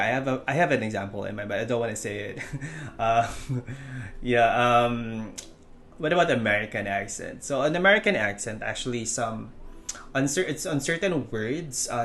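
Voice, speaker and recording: A man's voice: medium pitch, moderate pace, gravelly, a bit bright. Filipino guy explaining stuff casually, lots of ums, bit of faint hiss behind. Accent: Filipino English. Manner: chatty, many fillers and restarts. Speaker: online course instructor.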